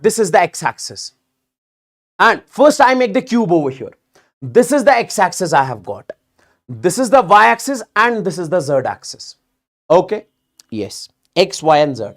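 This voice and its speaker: With a voice that sits high, a man teaches an online physics class live for exam prep. His delivery comes in energetic bursts, with repeated words and regular check-ins with students.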